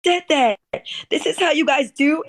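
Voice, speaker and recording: A woman on a live stream, talking angrily with rapid, stumbling restarts. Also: high-pitched, dry recording. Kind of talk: heated live-stream talk.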